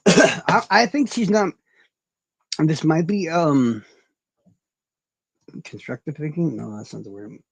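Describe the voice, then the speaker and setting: A man's voice: fairly high pitch, slow pace, creaky, pauses often, slightly rough, dry recording. A man hosting a casual livestream chat, rambling and swearing freely, and mocking himself as he talks to his viewers. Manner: rambling, profane, self-mocking. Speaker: livestream host.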